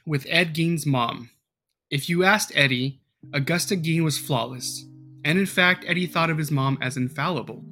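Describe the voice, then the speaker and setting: A man hosting a podcast, his voice sitting a little high. He rambles through his story with plenty of "uh"s and casual swearing, and faint music plays underneath. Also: pushed and bright. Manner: rambling, filler-heavy, profane storytelling. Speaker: podcast host.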